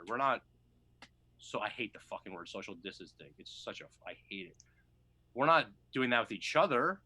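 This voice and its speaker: Man, podcast co-host, bright forceful tone, dry close sound, rambling and profane. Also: mid-range voice, no room sound. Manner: rambling, profane, loses his thread. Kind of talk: casual chat.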